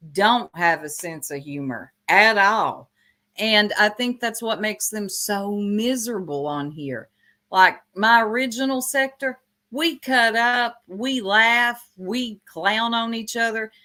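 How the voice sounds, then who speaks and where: A woman's voice: a little high, bright, forceful tone. A woman from Tennessee with a Southern accent, gossiping bluntly on a casual livestream and laughing often. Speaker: streamer.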